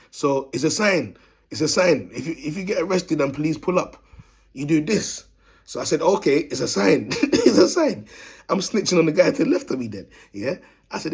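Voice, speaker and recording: With a slightly rough, darkish voice on the high side, a London-accented man rambles through a slang-filled tale for his viewers, whom he calls "people". A self-styled prophet vlogger, he repeats himself and erupts into bursts of laughter.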